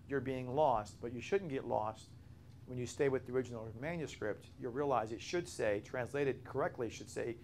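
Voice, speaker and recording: A man's voice: medium pitch, a little hiss or hum. A man teaching a Bible study. He talks earnestly, repeats his key points and spells out words as he explains them.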